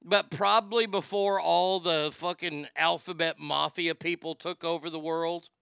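A middle-aged man ranting comedically and profanely, swinging from loud outbursts to muttering. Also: fairly high pitch, steady tone, unhurried, creaky, clear, resonant tone, dry recording, clean studio sound. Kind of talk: casual comedic rant.

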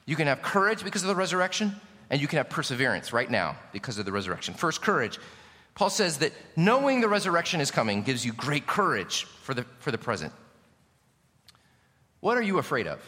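A male pastor preaching a sermon, emphatic, swinging from loud declarations to hushed, intimate passages. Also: fairly high pitch, sing-song, quick pace. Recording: long hall reverb.

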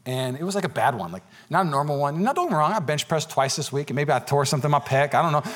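A man's voice: fairly high pitch, lively intonation, quick pace. A young man preaching a sermon as pastor, conversational and joking, building into rising repeated appeals.

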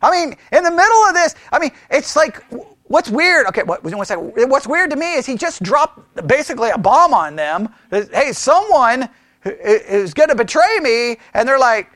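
Animated male Bible study leader. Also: very high voice, moderate pace, no echo, clean studio sound. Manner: animated, questioning, thinks aloud with many restarts. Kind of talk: casual Bible study teaching.

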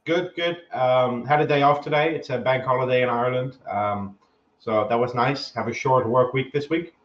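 A man's voice: medium pitch, normal speed. A man talks through sports analysis, reasoning point by point and repeating himself as he thinks. His voice comes through muffled and lo-fi, with a noticeable room echo. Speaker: podcast co-host. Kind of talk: casual sports podcast analysis.

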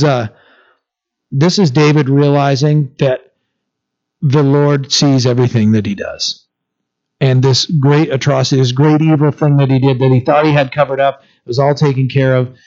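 A man's voice: mid-range voice, a little mellow. A man preaching a sermon in a conversational way, reading scripture and retelling it with fillers and restarts. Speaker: pastor. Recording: slightly dull lo-fi sound.

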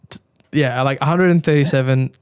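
A man's voice: medium pitch, steady tone, a little fast, a little mellow, smooth, no room sound, clean studio sound. A man hosting a casual podcast, rambling and joking with plenty of swearing. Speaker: podcast host.

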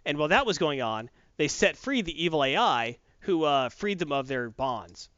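Brief: lively storytelling male co-host, voice leaps around, dull, dry sound. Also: fairly high pitch, moderate pace, no room sound. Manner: animated retelling, acts out characters. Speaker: podcast co-host. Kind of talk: casual chat.

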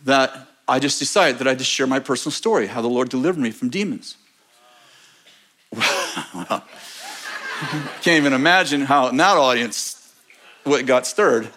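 A man telling a testimony story in a sermon, animated and often laughing as he talks. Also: medium pitch, normal speed, pauses often. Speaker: preacher.

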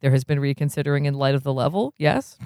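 A reader voicing a brisk, cheerful male hospital doctor in a clipped way, without putting on an accent. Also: mid-range voice, a little mellow, no echo, studio quality, pitched below the performer's own voice, lightly acted.

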